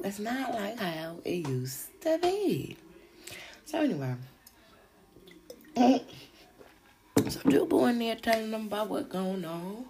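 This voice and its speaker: A woman's voice: on the high side, sing-song, takes it slowly, pauses often, warm tone. A woman hosting a podcast, chatting casually about crime-show gossip in a slangy, profane way with frequent asides to her listeners. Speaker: podcast host.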